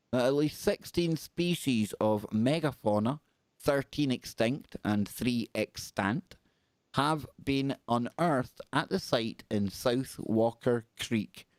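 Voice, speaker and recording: A man's voice: mid-range voice, darkish tone, no room sound, clean studio sound. A Scottish man hosting a live call-in radio show, chatting loosely and reading news stories aloud with rambling asides. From Scotland.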